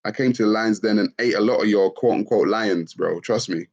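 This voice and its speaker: A middle-aged man, casually chatting on a livestream and reading out comments, laid-back and quick to laugh. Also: fairly low pitch, a little mellow, slightly rough. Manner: laid-back, laughs often, calls people bro. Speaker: livestream host. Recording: dull lo-fi stream audio.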